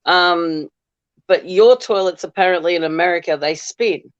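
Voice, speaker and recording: A man's voice: high-pitched, moderate pace, fairly bright tone, clean tone, no room sound, muffled recording. A man, chatting casually on a livestream and often laughing. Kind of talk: casual chat.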